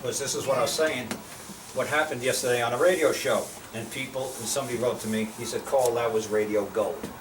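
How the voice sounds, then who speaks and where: A man's voice: mid-range voice, fast talker. An older man telling blunt, profane stories to a small group, often acting out the voices he quotes. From United States. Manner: blunt, profane, animated storyteller who acts out quoted voices. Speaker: speaker sharing life lessons. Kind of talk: casual storytelling talk to a small group. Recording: roomy, distant recording with noticeable background noise.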